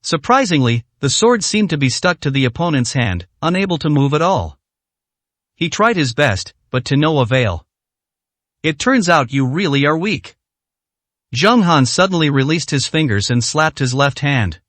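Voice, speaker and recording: A man reading a translated martial arts serial story aloud in a steady storytelling manner. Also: on the high side, normal speed, dry recording. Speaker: narrator. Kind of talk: scripted story narration.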